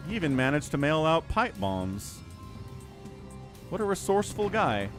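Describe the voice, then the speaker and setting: A man's voice: on the high side, very animated, normal speed, faint music behind. A man streaming casual game commentary, sarcastic and rambling as he talks to his chat. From United States. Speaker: esports caster and streamer.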